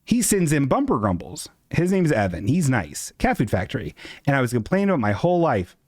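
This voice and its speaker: A man hosting a live stream from his apartment, ranting in a casual, self-mocking way and jumping into squeaky voices for quotes. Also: huge pitch swings, fairly quick, no echo. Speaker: streamer host.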